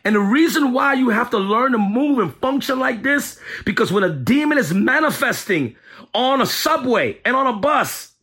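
Brief: male preacher, high bright voice, emphatic and repeating himself for effect. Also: moderate pace. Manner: emphatic, repetitive, animated. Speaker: apostle teaching deliverance ministry. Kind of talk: preaching sermon.

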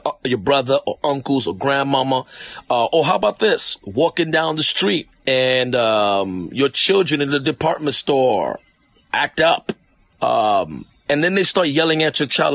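A man's voice: medium pitch, fairly bright tone, no room sound. A man preaching an online sermon, repeating lines emphatically and addressing listeners directly.

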